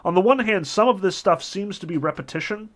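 Man, professor, informal lecture, fairly high voice, chatty with frequent fillers. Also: brisk. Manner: casual, frequent "um" and "like" fillers, self-corrects mid-phrase.

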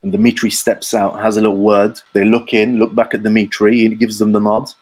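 A man's voice: lowish voice, little pitch movement, a little fast, darkish tone, breathy edge, low-quality recording. Slangy man telling a story. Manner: rambling, slangy, acts out the voices of the people in his story. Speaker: podcast guest storyteller. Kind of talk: casual anecdote telling.

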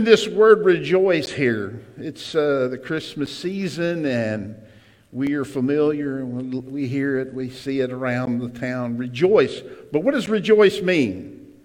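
Man, pastor, preaching sermon; slow, emphatic delivery with loud outbursts; long church reverb. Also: mid-range voice. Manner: emphatic preacher with sudden loud cries and call-and-response asides. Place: church sanctuary.

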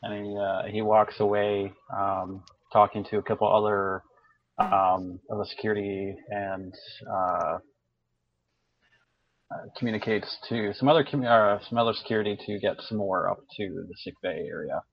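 A man's voice: on the low side, fairly even intonation, moderate pace. A man hesitantly narrating actions in a tabletop game. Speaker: player. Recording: dull lo-fi sound.

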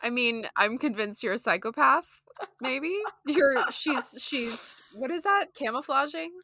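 A woman's voice: high-pitched, measured pace, bright, forceful tone, dry recording, clean studio sound. A young woman co-hosting a podcast, teasing her co-host and laughing often in casual banter.

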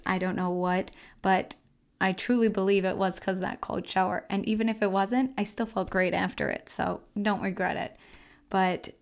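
A woman's voice: mid-range voice, clean tone. A young woman hosting a casual solo health podcast from home, chatting in a rambling way with lots of fillers and frequent laughs. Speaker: podcast host. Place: house, indoors.

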